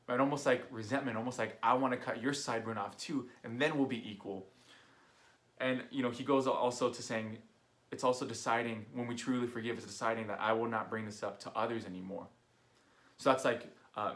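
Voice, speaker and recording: A man's voice: medium pitch, a bit bright. A young adult man, a youth director, giving a casual online sermon recap with an easygoing storytelling manner. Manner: casual storytelling with fillers, acts out quoted voices.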